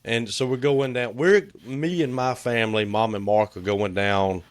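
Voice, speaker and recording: A man's voice: mid-range voice, normal speed, no echo. A middle-aged man, chatting casually on a podcast in a laid-back, folksy way. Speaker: podcast co-host; cabinet maker. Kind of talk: casual chat.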